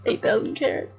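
Tired, excitable young woman gaming. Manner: chatty, excitable, swears, bursts into gasps and laughs. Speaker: gamer commentator. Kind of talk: casual game commentary. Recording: dull lo-fi home recording with faint game music.

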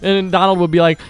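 A young man co-hosting a game let's play, rambling excitedly, joking and swearing as he talks. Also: sits high, no room sound. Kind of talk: casual gaming chat.

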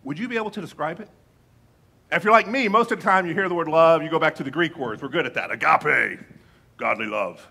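A male pastor giving a conversational sermon with playful asides, reading scripture slowly and deliberately. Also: on the high side, creaky, sharp tone, husky.

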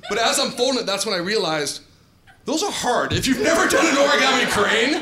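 A man's voice: extremely high pitch, expressive, a little fast. A man performing a stand-up comedy set on a club stage, telling stories with playful asides to the crowd. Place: comedy club stage before a live audience. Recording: echoey club with clear audience noise.

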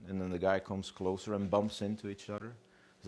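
A man with a very low voice gives a lecture on dog behavior. He talks loosely and animatedly, slips into quick voices for what the dogs are thinking, and checks in with his listeners with a steady "yeah?" and "you know.". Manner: animated, acts out dogs' thoughts in quick voices, swears casually. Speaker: dog trainer.

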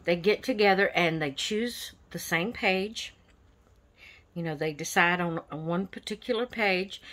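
A woman's voice: lowish voice, fairly bright tone. A woman hosting her own coloring channel, chatting casually and rambling with many fillers as she shows her finished pages. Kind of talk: casual show-and-tell vlog.

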